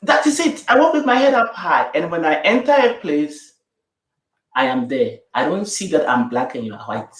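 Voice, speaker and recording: A woman's voice: low voice, sing-song, normal speed, echoey room. A middle-aged woman speaking as an interview guest in an emphatic, repetitive, affirming way. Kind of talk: interview conversation.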